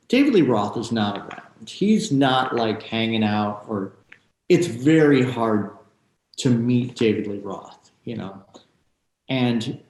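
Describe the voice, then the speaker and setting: Excitable storytelling man in echoey room. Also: mid-range voice. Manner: excited, tells stories with quoted asides. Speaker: guest guitarist. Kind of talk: animated storytelling interview.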